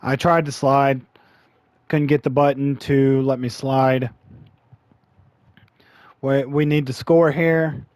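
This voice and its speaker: A man commentating his own football video game, frustrated and grumbling as he plays, and his voice is starting to go hoarse. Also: medium pitch, little pitch movement, slow pace, long pauses, darkish tone, dry recording. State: losing his voice. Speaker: gaming channel host. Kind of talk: live gameplay commentary.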